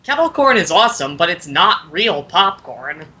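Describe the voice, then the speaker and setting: A woman chatting casually with fellow players of a tabletop game, animated and full of opinions. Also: lowish voice, normal speed, slightly rough, lo-fi sound.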